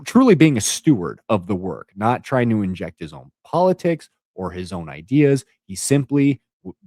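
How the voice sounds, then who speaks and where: A man in his thirties delivers an unscripted rant with exasperated emphasis. His voice sits low and the sound is dry with no room in it. He hammers points home by repeating words. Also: dark tone, no echo. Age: 30s. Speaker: content creator.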